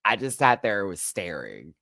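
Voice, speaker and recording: A man hosting a casual live review, campy and sassy, laughing often and swinging his pitch wildly. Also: big pitch swings, normal speed, vocal fry, sharp tone, no room sound, clean studio sound. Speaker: show host, reality TV reviewer.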